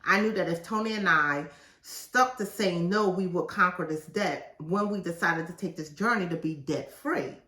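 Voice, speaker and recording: A woman podcast host who reads aloud from her own book and breaks off into casual asides, assertive and animated. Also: on the low side, moderate pace. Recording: roomy echo, mic at a distance.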